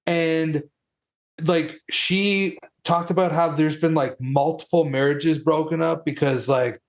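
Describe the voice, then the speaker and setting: A man co-hosting a podcast in casual chat, quick to laugh and react. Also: a little high, fairly even intonation. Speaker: podcast co-host.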